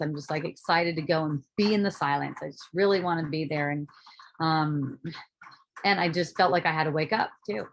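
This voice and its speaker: A woman's voice: sits low, normal speed. A woman telling a personal story in a candid, casual monologue, talking the way she would to a friend. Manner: candid, casual and animated, with frequent "um" and "like", occasional swearing. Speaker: spiritual speaker and author.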